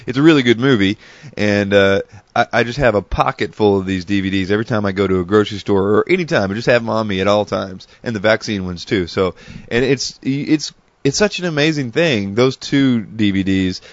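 A man's voice: fairly low pitch, brisk, no echo. A man telling meandering stories in a casual, chatty monologue full of asides. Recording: dull lo-fi dry recording.

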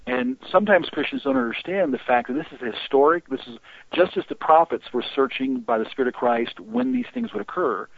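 A man telling long stories in an interview, rambling and halting with many restarts. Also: mid-range voice, very animated, gravelly, slightly rough, no room sound. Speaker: guest on deliverance ministry. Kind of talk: storytelling interview talk. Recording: tinny phone-line audio.

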